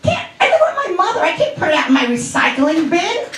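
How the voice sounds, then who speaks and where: Talking fast in a very high voice whose pitch swoops wildly, this fifties-aged Long Island, New York comic delivers a brash, profane stand-up set of conversational stories. She's on a comedy club stage, recorded from a distant mic in an echoey room.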